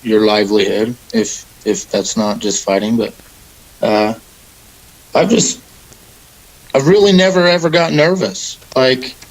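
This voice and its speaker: Laid-back young fighter, rambling. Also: male voice, mid-range voice, a little slow, long pauses, poor audio. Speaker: MMA fighter, guest. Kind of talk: casual interview answers.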